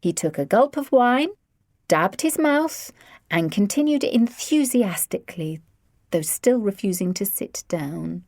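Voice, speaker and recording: A woman narrating an audiobook in an expressive reading voice. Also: medium pitch, a little slow, no echo, clean studio sound. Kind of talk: scripted narration.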